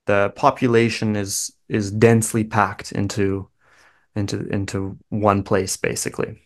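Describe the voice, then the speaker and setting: Slow, measured Canadian man. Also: fairly low pitch. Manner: measured, thoughtful, explains carefully. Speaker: guest English teacher. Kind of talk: slow clear conversation for learners.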